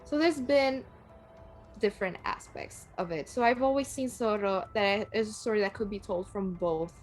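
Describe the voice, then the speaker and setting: Animated Puerto Rican woman. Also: medium pitch, normal speed, faint music behind. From Puerto Rico. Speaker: guest. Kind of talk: casual chat.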